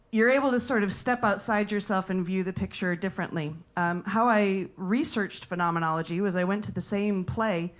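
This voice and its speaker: A young American woman performing a rambling, playful stand-up set. She talks straight to the audience and drops into whispered asides. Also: lowish voice. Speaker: comedian and improviser. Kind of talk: stand-up set at a live comedy night.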